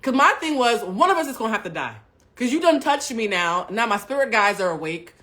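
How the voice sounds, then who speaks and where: A woman hosting a live stream, telling a personal story to her chat with lots of swearing. She drops to hushed asides, then bursts out loud. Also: fairly high pitch, very animated, fairly quick. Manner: profane, swings between hushed asides and loud outbursts; talks directly to live chat.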